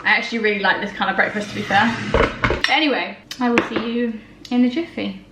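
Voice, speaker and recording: A woman's voice: a little high, steady tone, fairly quick, loud music behind the voice. A young woman chatting casually through her day, laughing often and poking fun at herself. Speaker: vlogger. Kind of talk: casual chat. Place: home kitchen. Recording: echoey kitchen with clatter.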